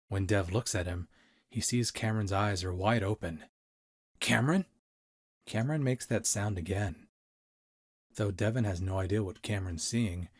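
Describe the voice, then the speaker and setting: A man narrating a story as an amateur audiobook reader, in a steady, deliberate way. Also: fairly low pitch, slightly rough.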